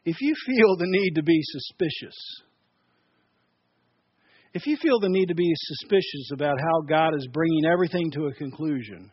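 A male pastor delivers a sermon in a fairly high voice. He preaches emphatically, rising and falling in volume and doubling back on words. The sound is dry and a bit dull. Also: expressive, normal speed, husky, no echo. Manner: emphatic, shifts between loud and soft, repeats words.

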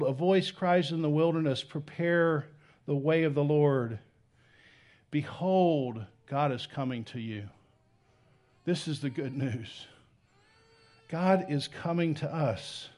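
A man in his thirties preaching with real energy, his fairly high voice climbing on the big points. He drops to soft, intimate tones for the tender moments and then surges back up loudly. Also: slow pace, long pauses. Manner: animated, swings between loud emphasis and soft intimate tones. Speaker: pastor. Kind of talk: sermon.

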